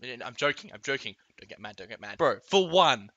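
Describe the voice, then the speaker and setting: A man's voice: medium pitch, very animated, fairly quick, sharp tone, no echo, lo-fi sound. A man ranting comically in a vlog, with exaggerated outbursts and yelps, recorded close and dry. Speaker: vlogger. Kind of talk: comedic rant vlog.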